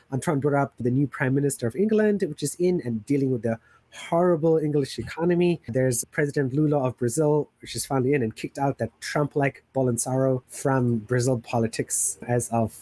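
A man's voice: medium pitch, mellow, dry recording. A man hosting a podcast in casual chat, rambling with enthusiasm and plenty of fillers. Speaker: podcast host.

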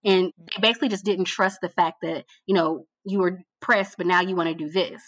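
A woman being interviewed about her work as a TV producer, telling her story in a casual, animated way and repeating phrases for emphasis. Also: lowish voice, fairly quick. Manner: colloquial, addresses listener as girl. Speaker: guest, TV producer.

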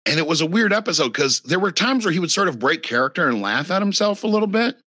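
Bright-voiced man, rambling casual chat. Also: sits high, sing-song, fast talker, slightly rough, no room sound. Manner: rambling, profane, lots of fillers.

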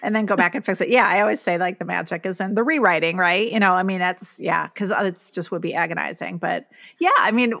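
A middle-aged woman with a voice on the lower side speaks as a podcast guest. She is earnest and reflective, often pausing on fillers as she works through her thoughts in casual conversation. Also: vocal fry, a bit bright. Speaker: author and guest.

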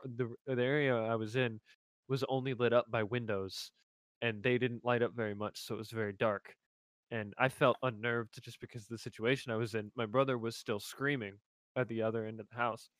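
Man, casual storyteller on a call, halting delivery, dry close sound. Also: mid-range voice, steady tone, no echo. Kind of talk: telling a ghost story on a call.

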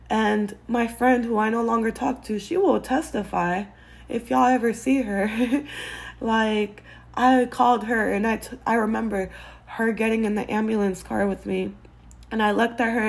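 A woman's voice: medium pitch, gravelly. A woman podcast host giving personal faith-based advice, earnest and candid, with casual swearing.

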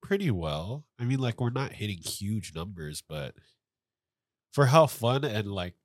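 A man with a stuffy nose, co-hosting a podcast in a rambling, chatty way. His voice sits low, and the recording is close and dry with no room sound. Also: big pitch swings, a little slow, no room sound. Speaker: podcast co-host. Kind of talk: casual chat.

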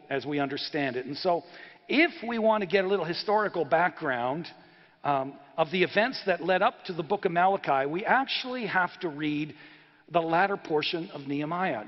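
A man preaching a sermon in an earnest, conversational way, with frequent hesitations. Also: a little high. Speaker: pastor. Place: church sanctuary. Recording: reverberant church hall, dull sound.

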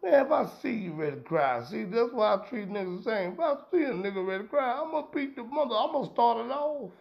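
A man's voice: very high voice, big pitch swings, fairly quick, gravelly. A middle-aged man hosting a podcast, ranting in a heated, profane, rambling way. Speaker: podcast host. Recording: dull lo-fi sound.

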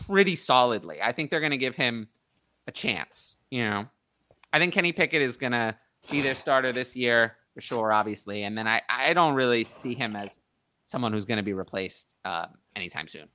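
A man hosting a casual sports talk show, opinionated and thinking out loud with frequent restarts. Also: medium pitch, no room sound. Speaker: podcast host. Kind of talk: casual fantasy football chat.

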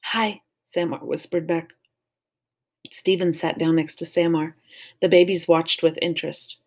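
Woman reading aloud, children's novel, calm, measured, fairly low voice.

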